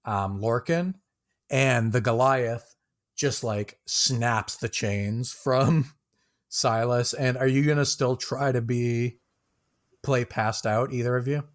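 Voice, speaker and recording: A man's voice: mid-range voice, takes it slowly. A man narrating a tabletop game as game master, casual and loose, with many fillers and small laughs.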